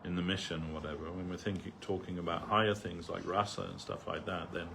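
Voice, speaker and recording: Low-voiced man rambling through a story. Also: flat delivery, fast talker, vocal fry, a bit bright, a little hiss or hum. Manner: rambling, full of "like" and "you know". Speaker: devotee speaker. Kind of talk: anecdotal talk on a reading. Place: temple hall.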